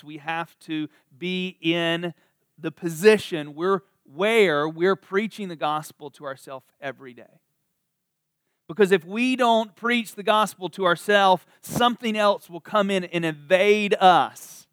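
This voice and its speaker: A man's voice: high voice, fairly bright tone, clear, resonant tone, no echo. A man preaching a sermon at a church service in a conversational, emphatic way, drawing out the words he wants to stress.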